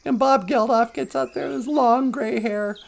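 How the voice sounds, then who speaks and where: Gravelly high-voiced sarcastic woman. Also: normal speed. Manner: sarcastic, laughs between jokes, slips into mocking voices. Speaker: podcast host. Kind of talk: comedic live-stream monologue.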